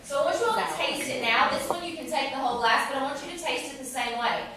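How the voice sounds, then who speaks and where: A woman's voice: sits high, fast talker, sharp tone, slight background noise. Upbeat woman guiding a tasting group. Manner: upbeat and instructive, quizzes the group. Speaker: distillery tour guide. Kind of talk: guided tasting presentation. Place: distillery tasting room with a tour group. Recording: echoey room, distant mic, group chatter.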